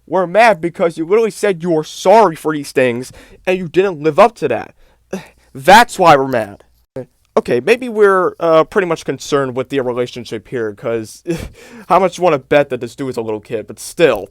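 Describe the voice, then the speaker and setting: A man's voice: on the high side, dry recording, studio quality. A man giving a casual, exasperated commentary rant, full of "like" and "bro". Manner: exasperated, fills talk with "like" and "bro". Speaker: YouTube commentator.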